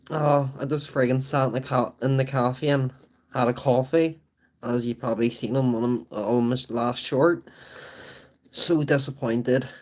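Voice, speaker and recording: A man's voice: medium pitch, darkish tone. Rambling Belfast man chatting on stream. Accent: Belfast, Northern Irish. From Northern Ireland. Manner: rambling and chatty, with tag phrases like "so it is". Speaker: livestream host. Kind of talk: casual live-stream chat.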